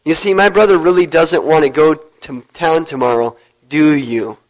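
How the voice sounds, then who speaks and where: A man putting on the voice of a sly older sister who teases her brother slowly and needlingly. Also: close to an everyday voice, poor audio. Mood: taunting. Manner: slow, low and needling.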